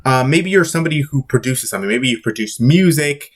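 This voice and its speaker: A man's voice: mid-range voice, lively intonation, fast talker, husky. A man giving a casual monologue to camera in a blunt, swearing, emphatic way, rambling and asking rhetorical questions. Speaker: vlogger.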